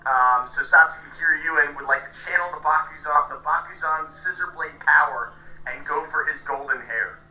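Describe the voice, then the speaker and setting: A man's voice: a little high, moderate pace, pushed and bright. A man playing a tabletop game, explaining his move at length with fillers, heard from a distance in an echoey room with a dull sound. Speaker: player. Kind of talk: casual tabletop game play. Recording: dull, echoey, far from the mic.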